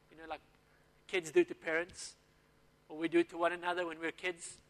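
A man's voice: sits high, steady tone, moderate pace, long pauses, fairly bright tone. A man preaching a sermon, telling stories and acting out the dialogue. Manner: storytelling with acted-out dialogue. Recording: long hall reverb.

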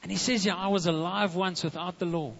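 A man, a pastor preaching a sermon in a church, animated and speaking straight to the congregation. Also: sits high, brisk, creaky. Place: church hall. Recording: dull muffled echoing hall recording.

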